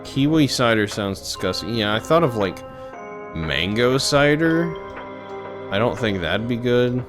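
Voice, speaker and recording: Low-voiced man streaming casually. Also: moderate pace. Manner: casual, crude, bickering. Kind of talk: casual game streaming chat. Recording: music playing clearly behind.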